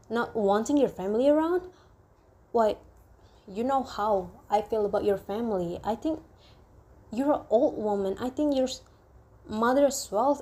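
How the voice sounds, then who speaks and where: A woman voicing a young husband who tries to calm his new wife, speaking hesitantly and soothingly. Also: fairly high pitch. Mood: puzzled. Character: young husband, placating and a bit awkward.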